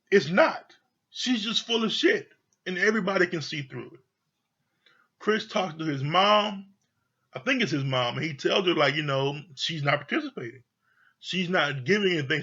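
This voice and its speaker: A man rants through a profane show review in a high, bright and slightly husky voice. He talks bluntly and mockingly, with plenty of exasperation. The audio is dull and lo-fi. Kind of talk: casual profane rant.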